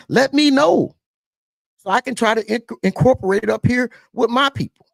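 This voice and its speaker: A male host with a Southern US twang giving casual political commentary straight to his viewers, animated and preachy, repeating his points and calling the audience y'all. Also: very high voice, moderate pace, vocal fry, dry recording, studio quality. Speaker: political talk show host.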